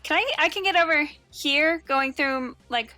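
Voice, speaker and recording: A woman's voice: sits high, normal speed, pushed and bright, dry recording, soft background music. A woman player talking casually, hesitant and thinking aloud. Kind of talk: casual tabletop play.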